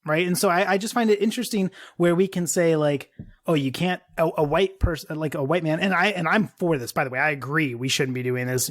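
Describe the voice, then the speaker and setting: Musing, argumentative podcast cohost. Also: medium pitch. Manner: musing, argumentative, thinks aloud. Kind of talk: casual pop-culture chat.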